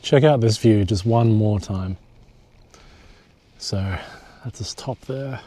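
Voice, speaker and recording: Speaking slowly in a warm, low-side voice, a young hiking vlogger addresses the camera alone from his bush campsite. He keeps it casual as he documents his overnight hike, joking and swearing here and there.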